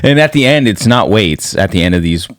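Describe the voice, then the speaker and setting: A man co-hosting a podcast in casual chat, telling crude stories with animated energy. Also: on the low side, fairly quick, dry recording. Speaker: podcast co-host.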